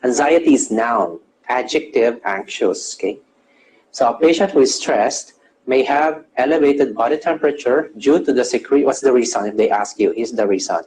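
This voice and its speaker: A man's voice: mid-range voice, animated, moderate pace, darkish tone, a little hiss or hum, low-quality recording. A man teaching a nursing class. He quizzes his students, answers his own questions, and explains English terms as he goes, tagging most phrases with "okay?". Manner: checks in with "okay?" after nearly every phrase. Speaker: nursing lecturer. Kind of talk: classroom lecture.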